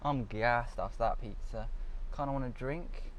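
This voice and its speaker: A man's voice: mid-range voice, normal speed. A young man vlogging casually from his car, chatty and swearing freely as he talks to his viewers. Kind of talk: casual vlog while driving. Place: inside a car. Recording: clear car and road noise. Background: car and road noise.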